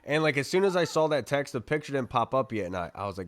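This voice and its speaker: A man's voice: medium pitch, big pitch swings, quick pace, no room sound. A man hosts a sports podcast in a chatty, rambling way, thinking aloud through his points. His voice sits in a middle register and sounds dry and close to the mic. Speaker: podcast host. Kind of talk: casual sports podcast talk.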